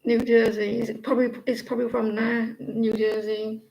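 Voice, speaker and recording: Gravelly British woman chatting to viewers. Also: fairly high pitch, level tone, fairly quick, a little mellow, muffled recording. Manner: chatty, rambling, many fillers and restarts. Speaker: tarot livestream host. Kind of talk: casual livestream chat with viewers.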